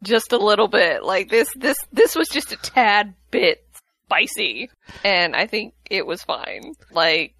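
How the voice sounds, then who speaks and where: A woman co-hosting a casual chat, reacting with quick stammering restarts. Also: mid-range voice, expressive, a bit bright, husky, dry recording. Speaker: podcast co-host.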